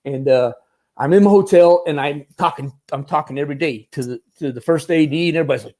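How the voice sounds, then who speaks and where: A man with a slightly raised pitch, talking as an interview guest. He tells loose, rambling stories with many fillers. He breaks into lively impressions of the people in them. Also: fast talker. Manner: rambling, lively, acts out quoted voices. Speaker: guest, former Marine turned stuntman and military advisor. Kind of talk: casual storytelling in an interview.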